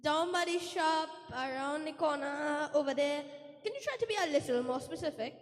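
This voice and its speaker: A woman's voice: high voice, moderate pace, fairly bright tone. A woman playing an earnest male TV field reporter in a stage comedy skit. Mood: exasperated. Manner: formal newscaster delivery, growing exasperated. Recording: reverberant hall stage.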